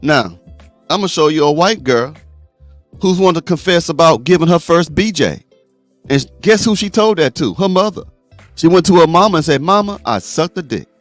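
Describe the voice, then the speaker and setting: A man's voice: fairly high pitch, moderate pace, dry recording, faint music behind. A man hosting a show, reacting crudely to clips and retelling them. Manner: crude, animated storytelling. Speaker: host.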